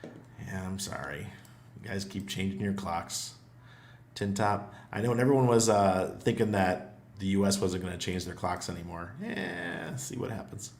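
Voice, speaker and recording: Hoarse low-voiced man hosting a livestream. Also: lively intonation, normal speed, darkish tone, slight background noise. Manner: chatty, laughs often, greets viewers. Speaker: livestream host. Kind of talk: casual livestream chat.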